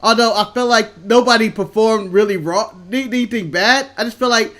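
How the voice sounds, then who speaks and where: A man's voice: high voice, moderate pace, fairly bright tone. A man co-hosting a casual chat show, laid-back and opinionated, rambling through his takes. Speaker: co-host.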